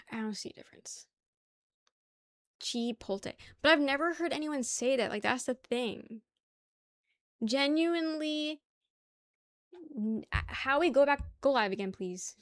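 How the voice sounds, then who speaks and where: A woman's voice: high-pitched, lively intonation, a little slow, long pauses, no echo, studio quality. A young woman livestreaming casual chat with her viewers, rambling, laughing easily and swearing offhandedly. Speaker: livestream host.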